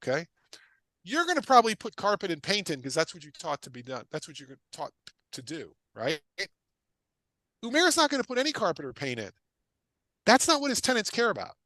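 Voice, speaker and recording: A man's voice: sits high, huge pitch swings, pushed and bright, no room sound. A middle-aged man teaching a live online class in an emphatic, repetitive way, driving points home with questions and casual asides. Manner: punchy, casual asides with quick tangents. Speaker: guest real estate investor teaching. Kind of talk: energetic livestream teaching talk.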